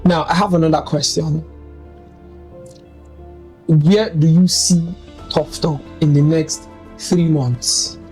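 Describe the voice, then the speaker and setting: A man's voice: on the high side, fairly even intonation, slow pace, pauses often, a little mellow, faint music behind, rough recording. A man co-hosting a podcast in casual chat, making dry, teasing asides. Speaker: podcast co-host.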